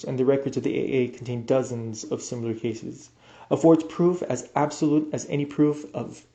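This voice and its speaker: A man reading an esoteric book aloud as an audiobook, measured and deliberate, now and then stumbling and restarting a word. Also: mid-range voice, dark tone. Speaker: audiobook reader. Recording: roomy, echoey room sound.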